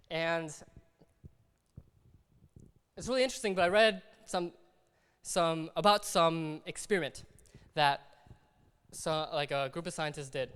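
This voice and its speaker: Here the pastor's voice sits on the high side and sounds a bit bright. He preaches conversationally in a church hall, playing out ordinary scenes, and the hall adds a long reverb.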